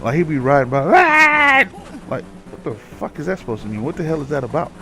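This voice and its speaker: A man's voice: mid-range voice, animated, racing, a little mellow. A man casually telling a long story over gameplay, cursing freely, rambling and growing heated as he rants. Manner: profane, rambling, gets heated while ranting. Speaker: gaming commentator.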